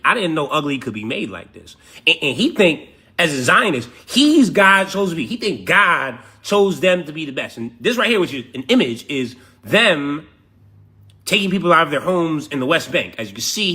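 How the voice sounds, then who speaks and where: Man, profane reaction commentary, mocking, husky, lively pitch. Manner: mocking, animated, slangy.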